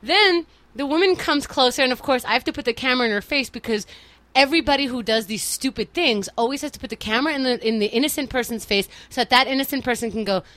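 A woman's voice: sits high, fast talker, a bit bright. A woman guest on a talk show, chatty and self-mocking as she tells a story. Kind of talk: casual storytelling.

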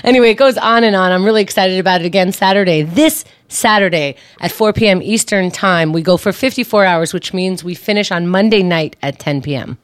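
A woman co-hosting a comedy podcast, chatting excitedly and laughing often. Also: mid-range voice, brisk, few pauses, clear, resonant tone, no room sound, clean studio sound. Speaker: podcast co-host. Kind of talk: casual comedic chat.

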